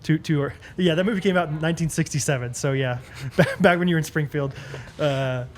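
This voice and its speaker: A young man in casual podcast conversation, his voice sitting a little high for a man. He tells stories with animation and laughs often. A faint noise hums behind him. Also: brisk. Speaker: podcast co-host. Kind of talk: casual chat.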